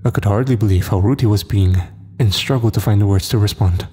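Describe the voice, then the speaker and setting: A man narrating a scripted horror story in a steady, measured way. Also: lowish voice, faint music behind.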